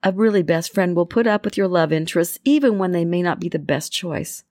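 A middle-aged woman talks in a casual, chatty way, slipping into small acted-out bits of dialogue. Her voice sits on the low side, and the recording is close and dry with no room sound. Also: animated, fairly quick, darkish tone, dry recording. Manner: chatty, acts out little quoted exchanges. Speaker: self-help speaker. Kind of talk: casual advice talk to camera.

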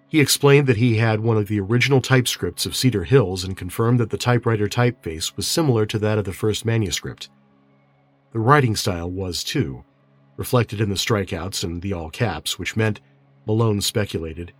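A man narrating an audiobook in a measured, expressive way. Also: on the low side, slightly rough, no room sound. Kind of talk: scripted narration.

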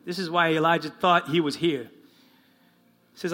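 A man preaching a sermon as pastor to his congregation, slowing down and dropping his voice low for the quoted lines. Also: fairly even intonation, sharp tone. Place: church in front of a congregation.

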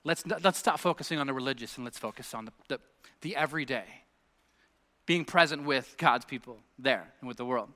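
A man's voice: mid-range voice, a little fast, pushed and bright. A middle-aged man preaching a sermon as pastor, telling stories conversationally and building to emphatic peaks. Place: church sanctuary. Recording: long hall reverb.

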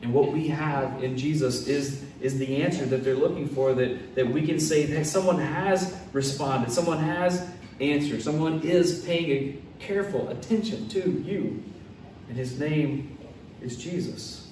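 A man's voice: on the high side, unhurried, a little hiss or hum. A man preaching a casual sermon, retelling a story and acting out the quotes in voices. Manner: animated, acts out quotes in character voices. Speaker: pastor. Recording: echoey room, mic at a distance, faint ambience.

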